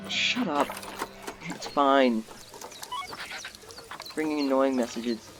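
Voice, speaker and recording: A young man giving casual, rambling commentary while playing a zoo game, getting excited easily. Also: mid-range voice, takes it slowly, noisy background. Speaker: gaming YouTuber. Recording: background game music.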